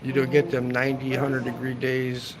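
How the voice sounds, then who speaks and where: A man's voice: mid-range voice, completely flat delivery, moderate pace, crowd noise, rough recording. A man chatting casually on a travel livestream from a hotel rooftop, rambling and swearing, ending his sentences with "man". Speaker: travel vlogger. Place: hotel rooftop seating area, outdoors.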